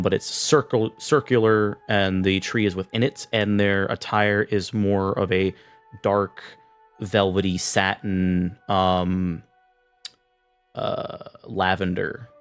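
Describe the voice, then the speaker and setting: A man running a tabletop game, describing scenes in a loose, meandering way. His voice is low, with faint music playing under the narration. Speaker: game master.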